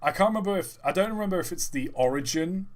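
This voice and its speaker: A man's voice: high voice, expressive, quick pace. A man, chatting casually and joking about trains on a live stream. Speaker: co-host.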